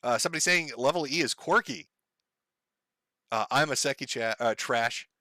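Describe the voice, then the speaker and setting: A man's voice: medium pitch, moderate pace, sharp tone, no echo. A man hosting a casual livestream, rambling and swearing and laughing often. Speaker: livestream host.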